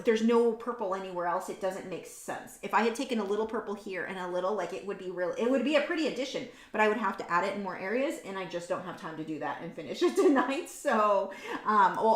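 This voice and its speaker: In a roomy, echoing recording, a woman artist hosts a painting livestream and chats casually as she works. Her mid-range voice is animated and fairly quick, and she rambles candidly, frank and opinionated, peppering her talk with ums and likes.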